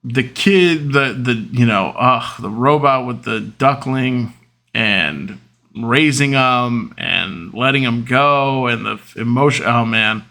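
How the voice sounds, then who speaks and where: Gravelly-voiced guy rambling openly. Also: mid-range voice, takes it slowly, pushed and bright. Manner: rambling, with many fillers and restarts; open and emotional. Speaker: podcast host. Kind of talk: casual personal monologue.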